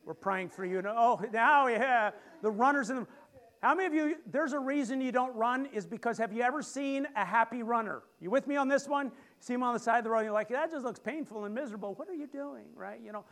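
A middle-aged man preaching a lively sermon in a church, joking with the congregation and leading call-and-response. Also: very high-pitched, fairly quick. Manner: animated, jokes with the congregation and leads call-and-response. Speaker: pastor. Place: church sanctuary.

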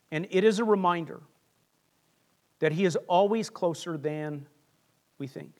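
A male pastor with a notably high voice gives an earnest, conversational sermon. He stumbles and restarts repeatedly, then drops to a soft, hushed tone for the lines he wants to land.

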